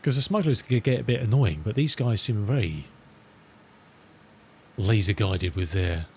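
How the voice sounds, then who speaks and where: A middle-aged man chatting casually with viewers as a live streamer, rambling and amused, reading radio calls slowly. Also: on the low side. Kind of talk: casual chat with viewers while flying.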